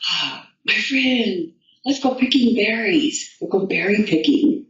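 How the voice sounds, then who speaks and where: A woman storyteller voicing a friendly female frog in a spoken folktale, in a slow, drawn-out way. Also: medium pitch, expressive, voice pushed up. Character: grateful chatty female frog. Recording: dull distant echoey room recording.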